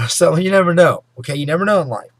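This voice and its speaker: Gravelly-voiced man telling a rambling story. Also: fairly high pitch, animated, no room sound. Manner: rambling, full of "you know" and "anyway"; talks fast and loud at times. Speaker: vlogger. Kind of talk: casual personal storytelling to camera.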